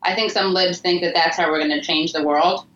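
Low-voiced, sarcastic woman in a roomy space. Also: steady tone, a little fast, fairly bright tone. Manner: dry, sarcastic. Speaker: podcast host. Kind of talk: casual podcast chat. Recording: roomy, dull-sounding audio.

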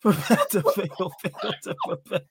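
A man's voice: sits high, expressive, unhurried, heavy background noise. A young man, co-hosting a casual football chat, slangy and laughing a lot. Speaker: co-host. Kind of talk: casual football podcast banter.

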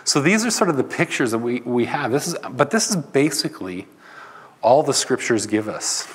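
A man's voice: mid-range voice, lively intonation, moderate pace, husky, long reverb tail. A man preaching a sermon in a loose, conversational teaching manner. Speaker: pastor.

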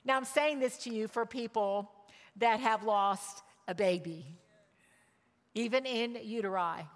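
A woman preaching a sermon, telling a story with emotion and shifting from loud cries to hushed words. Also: fairly high pitch, unhurried, big-room sound. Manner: emotional, swings from loud exclamations to hushed tones.

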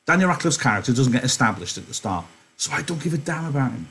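A man's voice: mid-range voice, very animated, fast talker, a bit bright, slightly rough. A man teaching an online literature lesson, chatty and joking, interrupting his own reading to explain. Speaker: English teacher.

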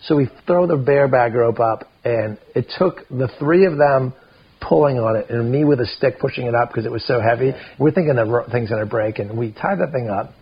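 A man, a podcast guest, tells a story casually, full of "like" and quick asides. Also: husky, lo-fi sound. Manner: animated, lots of filler "like", jumps into high voices for quotes.

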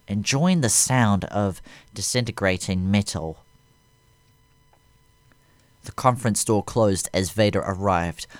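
A man narrating a fan story aloud in a steady, even way. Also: fairly low pitch, no room sound.

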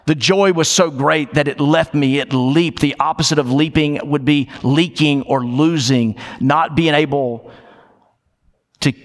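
A man preaching a sermon in a church, conversational, slowing down for emphasis and dropping in playful asides. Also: medium pitch, long reverb tail. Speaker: pastor. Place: church sanctuary.

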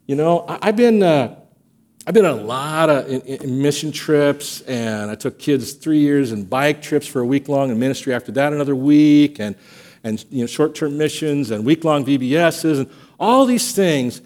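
A man preaching a sermon as pastor of a church, telling stories and acting out quotes with lively energy. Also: fairly high pitch, normal speed. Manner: animated storytelling, acts out quotes. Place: church sanctuary.

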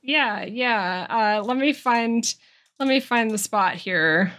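A woman with a bright, clear voice co-hosting a podcast. She chats about a book in a relaxed, wry way. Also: a little high, slow pace. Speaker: podcast co-host. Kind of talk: casual book discussion.

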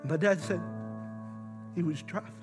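A man's voice: on the high side, unhurried, over loud music. A middle-aged man preaching a sermon as pastor, impassioned and emotional, restarting his sentences.

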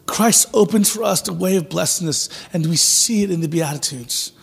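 Male pastor, sermon, fairly high husky voice, conversational and animated, long hall reverb. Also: normal speed. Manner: conversational, animated preaching with acted-out asides.

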